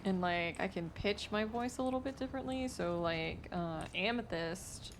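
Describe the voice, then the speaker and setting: A woman's voice: mid-range voice, normal speed, noisy background. A young woman from the American South chatting casually on a stream, rambling with lots of fillers and restarts.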